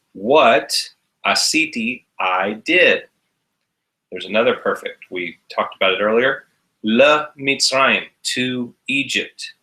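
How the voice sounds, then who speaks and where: A man's voice: mid-range voice, sharp tone, poor audio. A man teaching a recorded class, explaining each step patiently. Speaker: Hebrew teacher.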